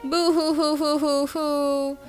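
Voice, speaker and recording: Brief: woman streamer, fast amused asides, high voice, faint music behind. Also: level tone, a little mellow. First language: Brazilian Portuguese. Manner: quick, amused, dry remarks. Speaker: streamer reading a webcomic aloud. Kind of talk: casual asides.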